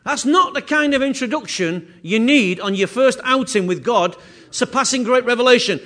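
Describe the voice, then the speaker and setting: High-voiced man preaching a sermon. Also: lively intonation, moderate pace, fairly bright tone. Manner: earnest preaching with repeated phrases and restarts. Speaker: pastor.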